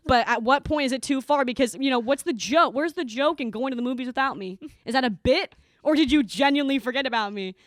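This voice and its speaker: A woman's voice: high voice, quick pace, no echo, studio quality. A woman in her twenties co-hosting a podcast, telling stories in casual chat and acting out the voices of the people in them. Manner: animated storyteller, acts out quotes. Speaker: podcast co-host.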